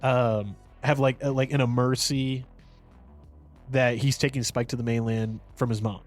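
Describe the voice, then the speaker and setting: A man's voice: medium pitch, fairly even intonation, moderate pace, faint music behind. A man co-hosting a podcast, reviewing a movie in casual, rambling chat full of fillers and restarts. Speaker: podcast co-host.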